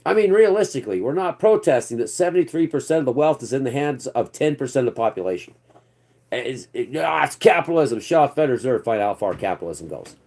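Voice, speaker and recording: A man's voice: medium pitch, big pitch swings, quick pace, darkish tone. Man ranting, sarcastic and profane. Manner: rambling, sarcastic, profane, heated. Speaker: political commentary channel host. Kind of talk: off-the-cuff political rant.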